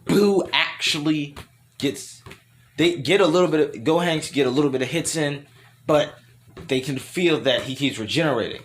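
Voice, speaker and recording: A man's voice: a little high, moderate pace, slight background noise. A man casually improvising a fan story aloud, rambling and self-correcting as he goes and laughing at his own voices.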